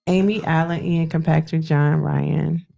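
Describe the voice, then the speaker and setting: A woman co-hosting a casual podcast, her voice low-pitched with a gravelly edge. She reads aloud haltingly and reacts with surprise. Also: steady tone, dark tone, lo-fi sound, soft background music. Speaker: podcast co-host. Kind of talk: casual chat.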